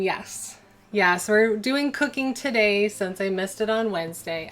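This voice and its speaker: A woman's voice: mid-range voice, animated, measured pace, a bit bright, faint music behind. A young woman hosting a casual cooking livestream from her home kitchen, chatting and rambling as she answers viewers' chat. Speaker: livestream host.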